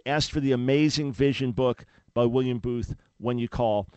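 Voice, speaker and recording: A man's voice: mid-range voice, moderate pace, few pauses, a little mellow, clean tone, no room sound, muffled recording. A man hosting a call-in radio talk show, speaking in an earnest, preacherly way with emphatic restarts.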